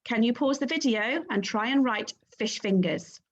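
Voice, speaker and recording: A woman teaching a phonics lesson to young children, sounding out letters and syllables clearly and praising the class. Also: on the high side, expressive, moderate pace, lo-fi sound. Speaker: primary school teacher.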